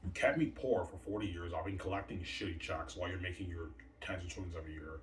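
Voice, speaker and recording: A man's voice: low voice, quick pace. A man ranting in a rambling, agitated monologue, swearing a lot and repeating himself. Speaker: self-published author. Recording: echoey room, mic at a distance, faint ambient noise.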